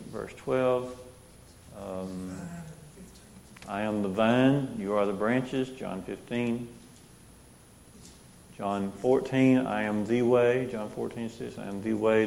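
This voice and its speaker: A man with a low, gravelly voice leads a Bible class. He reads verses aloud and puts questions to the group as he goes. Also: a little mellow, big-room sound, slight background noise. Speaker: Bible study teacher.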